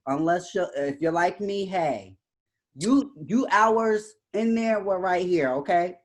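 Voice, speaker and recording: A podcast co-host in casual banter, sassy and expressive, laughing often. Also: medium pitch, slow.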